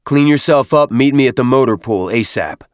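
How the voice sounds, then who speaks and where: A man voicing a commanding military captain who shouts on the parade ground but stays friendly and relaxed in conversation. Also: normal speed, no echo, clean studio sound, close to an everyday voice. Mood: easygoing. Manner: booming parade-ground calls, easy officer's banter.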